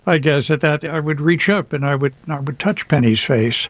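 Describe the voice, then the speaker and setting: A male author, a guest on a radio interview, shares personal stories reflectively with some light humor in a casual storytelling way. His voice sits on the high side, animated and unhurried, recorded with no echo.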